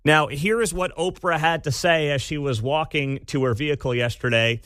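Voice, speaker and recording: A man's voice: on the high side, normal speed, a bit bright, no room sound, clean studio sound. A man hosting a talk radio show, giving sarcastic, opinionated commentary in a chatty way. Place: radio studio. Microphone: studio mic.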